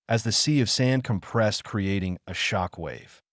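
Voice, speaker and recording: A man narrates a first-person fanfiction tale in a flat, even read. His voice sits on the low side, and the recording is dry and close, with no room sound. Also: unhurried, few pauses, no room sound.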